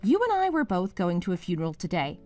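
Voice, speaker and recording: A woman's voice: fairly low pitch, very animated, quick pace, darkish tone, faint music behind. A woman voicing a wife named Mia in a scripted drama, pleading at first and then sharply accusing her husband.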